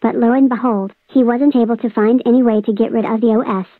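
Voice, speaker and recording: A woman's voice: fairly high pitch, fairly even intonation, fast, no echo, lightly acted. A synthetic female text-to-speech voice playing a gloating villain who spreads a spammy operating system, taunting and threatening. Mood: smug. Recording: dry tinny phone-like audio.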